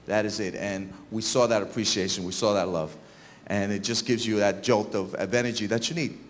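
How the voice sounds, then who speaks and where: A man giving an earnest, halting testimony in church, stumbling and restarting as he speaks. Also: fairly low pitch, fairly even intonation, big-room sound, slight background noise. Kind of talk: personal testimony.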